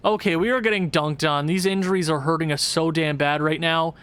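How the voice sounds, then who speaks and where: A young man casually commenting on a hockey franchise game, growing exasperated and yelling at his team's losses. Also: on the high side, fairly even intonation, fairly quick, clean tone, no echo. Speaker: gaming channel host.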